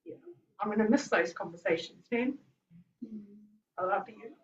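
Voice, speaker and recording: A woman's voice: mid-range voice, lively intonation, normal speed. A woman, giving a chatty, emotional tribute at a family gathering, often laughing. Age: 50s. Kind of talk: informal memorial speech. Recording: roomy, distant, muffled, faint hiss.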